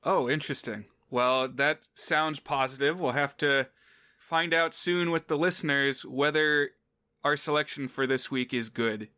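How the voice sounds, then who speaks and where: Bright, crisp-voiced male podcast host. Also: fairly high pitch, unhurried, dry recording. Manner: rambling, self-correcting with fillers. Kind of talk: casual chat.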